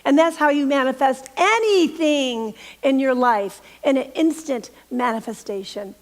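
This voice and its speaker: A woman's voice: high-pitched, a little slow, big-room sound. A middle-aged woman minister giving an earnest, storytelling sermon and leading a guided prayer. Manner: earnest, storytelling, drops to soft emphatic whispers.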